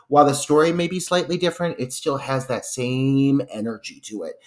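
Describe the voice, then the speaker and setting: A man co-hosting a podcast, casually analysing a movie, thinking aloud with many pauses and restarts. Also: medium pitch. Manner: thoughtful, hesitant, with fillers and restarts. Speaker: podcast co-host. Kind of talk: casual film review chat.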